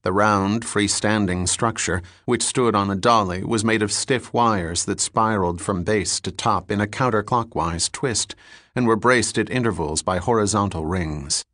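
A man reading an audiobook in a measured, even narration. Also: on the low side, no room sound, clean studio sound. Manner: measured, even reading with terse character dialogue. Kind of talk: scripted narration.

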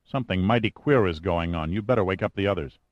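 A man's voice: low voice, quick pace, no echo, lo-fi sound, natural voice. A man voicing a blunt, stubborn big scientist. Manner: indignant, demanding.

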